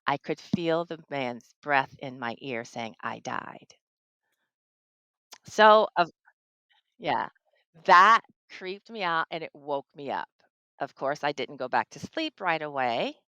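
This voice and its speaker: A woman's voice: deep voice, lively intonation, a little slow, sharp tone, clear, resonant tone, no room sound, highs cut off. A middle-aged woman from New Jersey, a tarot reader, telling a personal ghost story in casual conversation.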